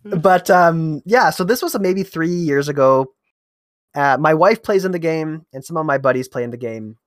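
A man's voice: a little high, animated, moderate pace, no echo, clean studio sound. A man who runs a tabletop role-playing game, chatting casually and telling a story from his table with some hesitant restarts. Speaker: game master. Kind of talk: casual conversation.

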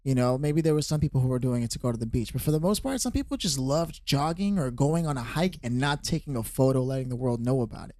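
A man's voice: medium pitch, fast, hardly any pauses, dark tone, no room sound, clean studio sound. A man co-hosting a podcast, musing and philosophizing in a loose, filler-heavy way. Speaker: podcast co-host. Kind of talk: casual podcast chat.

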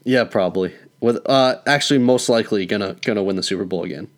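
A man's voice: on the low side, fast talker. A young man co-hosting a podcast, chatting casually about football with opinionated takes and frequent laughs. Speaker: podcast co-host. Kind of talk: casual sports chat.

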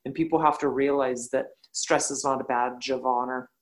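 A woman, a yoga teacher, speaking bluntly and telling animated stories in a casual podcast conversation. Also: very deep voice, normal speed, poor audio.

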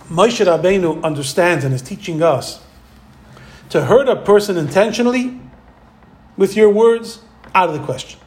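High-voiced animated male Torah teacher. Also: normal speed, pauses often. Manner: animated storyteller acting out quoted voices. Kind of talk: Torah lecture.

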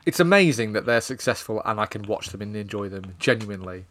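A man's voice: on the low side, expressive, fast talker, a bit bright. A British man with a foul mouth, ranting about films as a podcast co-host in a casual chat. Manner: profane, ranting. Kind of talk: casual film review chat.

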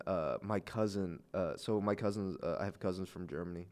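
A man's voice: lowish voice, normal speed, hardly any pauses, darkish tone. A young man co-hosting a podcast, chatting casually and telling a story, with lots of "like" and "dude" and easy swearing. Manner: laid-back, swears freely, lots of "like" and "dude". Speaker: podcast co-host. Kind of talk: casual chat.

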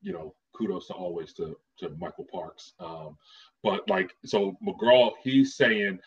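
A man's voice: sits low, expressive, measured pace, husky. A man co-hosting a podcast, chatting about films hesitantly, with many fillers. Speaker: podcast co-host. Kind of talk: casual film discussion. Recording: dull lo-fi audio.

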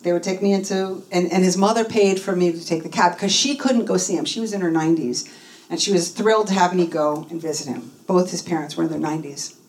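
A woman's voice: on the low side, fast. A middle-aged woman telling a personal story in an interview, acting out the people in it with feeling. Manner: animated, acts out the voices in her story. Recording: voice a bit distant from the mic.

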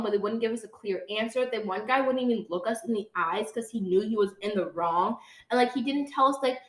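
A woman's voice: fairly high pitch, fairly quick. A young woman co-hosting a podcast, telling a story casually, with lots of "like", and talking straight to her listeners. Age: young adult. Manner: chatty, says "like" a lot, talks to listeners as "guys". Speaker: podcast co-host. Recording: roomy sound from a distant mic.

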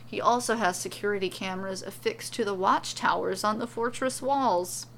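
A woman reading a serialized story aloud as its storyteller, with steady, even narration. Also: mid-range voice, normal speed, creaky, a little hiss or hum.

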